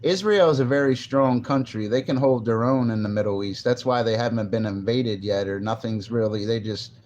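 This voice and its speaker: A man rambles through a casual live-stream chat, restarting his sentences and tossing questions back at his viewers. His voice sits at an ordinary middle pitch. The sound is a little dull and lo-fi, with a faint hiss underneath. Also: fairly even intonation, normal speed, a little mellow. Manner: rambling, loose, restarts and reads chat aloud. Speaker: livestreamer.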